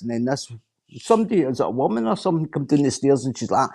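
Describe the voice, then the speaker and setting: A man's voice: mid-range voice, expressive, brisk, a little mellow, slightly rough. A Scottish man in casual chat on a stream, blunt, sweary and repeating himself as he rants.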